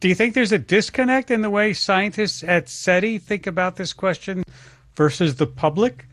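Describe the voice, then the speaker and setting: A man's voice: sits high, moderate pace, fairly bright tone, no echo, clean studio sound. A man interviewing two guests, asking questions with small restarts.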